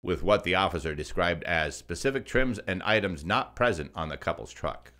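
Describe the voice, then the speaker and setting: A man's voice: low-pitched, animated, normal speed, bright, forceful tone. A man reads consumer news reports. He delivers them as a co-host and drops mocking, sarcastic remarks between the facts. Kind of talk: scripted news commentary.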